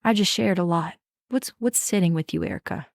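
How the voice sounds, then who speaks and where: A woman's voice: lowish voice, a little fast, creaky, dry recording, studio quality. A woman co-hosting a podcast, talking earnestly and emphatically, often turning to address her listeners directly. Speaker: podcast co-host. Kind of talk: reflective podcast talk.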